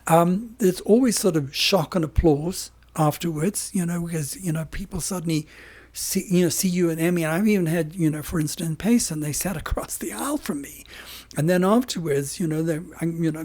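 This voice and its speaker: A man talking as a podcast guest in casual interview talk, hoarse and losing his voice, rambling with emphatic restarts. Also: a little high, a little fast, a little mellow.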